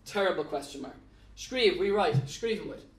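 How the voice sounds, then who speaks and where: A man's voice: high-pitched, animated, moderate pace, recorded from a distance, a little hiss or hum. A man with an Irish accent teaching an Irish language lesson at a whiteboard, patiently spelling out letters and walking through examples. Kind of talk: recorded classroom lesson at a whiteboard. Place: classroom with a whiteboard. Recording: echoey room, voice off-mic.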